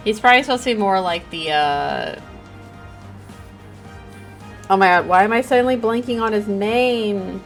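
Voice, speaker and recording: A young woman streamer talking casually through a story game and reacting out loud with gasps and exclamations. Her voice sits at a middling pitch, with faint game music underneath. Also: brisk.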